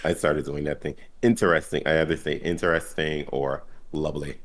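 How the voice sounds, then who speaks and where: Low-voiced man teasing in casual chat. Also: steady tone, brisk. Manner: playful, teasing. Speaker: guest.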